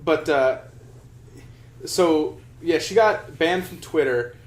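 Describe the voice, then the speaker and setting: A young man with a slowish, fairly high voice co-hosts a podcast, spinning a rambling story in casual conversation. He keeps restarting and swearing, and the recording has a roomy echo.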